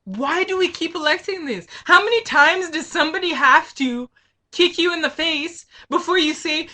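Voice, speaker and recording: A woman's voice: very high-pitched, normal speed, bright, forceful tone. A woman venting to camera in a political rant, heated and frustrated, firing off rhetorical questions. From Canada. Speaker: vlogger.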